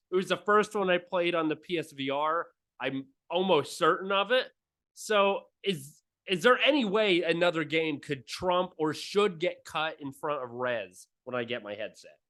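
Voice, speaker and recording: A man co-hosting a casual gaming podcast, gushing and joking with excitement. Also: on the high side. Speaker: podcast co-host.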